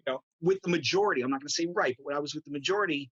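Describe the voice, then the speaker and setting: Brief: husky male tarot reader, lively anecdotal chat, dull lo-fi sound. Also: on the high side, rapid-fire, no echo. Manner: animated, acts out quotes, says "right?" often. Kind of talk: casual storytelling chat.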